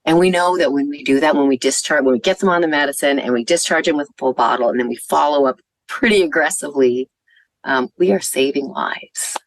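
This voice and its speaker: A woman's voice: deep voice, a little fast, no echo, poor audio. A woman physician, giving an earnest conference talk and telling stories with some fillers. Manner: earnest, warm storytelling with fillers. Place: conference venue.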